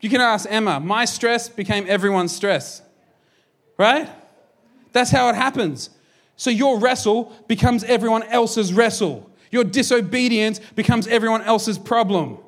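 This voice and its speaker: A man in his thirties, a pastor, preaching a sermon in an energetic, jokey, conversational way. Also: sits high, measured pace.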